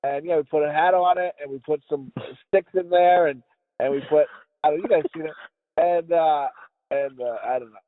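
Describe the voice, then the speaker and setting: An American middle-aged man hosts a podcast over a tinny, dry phone line, with a slightly high voice, fairly even intonation, and a fairly quick pace with no echo. He rambles through casual chat with friends, swearing heavily and laughing.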